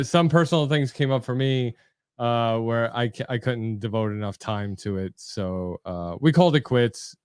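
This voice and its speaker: Man, middle-aged, podcast host, casual chat, smooth clear voice, dry close sound. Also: medium pitch, no echo. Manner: relaxed, joking, with fillers.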